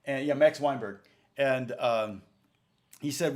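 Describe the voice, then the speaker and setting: A man with a middle-pitched voice tells a long story during a guitar lesson. He rambles, stops to fix names and details, and chuckles as he goes. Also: measured pace. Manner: rambling, self-correcting, chuckling anecdote. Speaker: guitar teacher and channel host.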